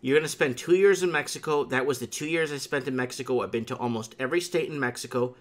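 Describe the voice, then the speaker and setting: A man's voice: medium pitch, quick pace. A man hosting a casual talk show, telling stories emphatically and circling back to the same catchphrases. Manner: emphatic storytelling with repeated catchphrases. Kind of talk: casual chat.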